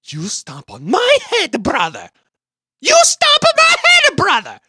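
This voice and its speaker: Woman as a jealous sidekick brother, male, hammy Italian accent, whiny, indignant, bright lively voice. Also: sits high, unhurried, no echo, exaggerated voice. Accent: hammy put-on Italian. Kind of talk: improvised podcast parody.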